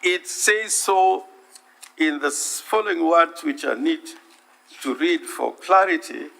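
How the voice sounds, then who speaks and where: A man giving a formal legal submission to a senate, deliberate and emphatic, stressing and repeating key words. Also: fairly high pitch, animated, creaky, bright, forceful tone. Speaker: counsel addressing the Senate. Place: legislative chamber.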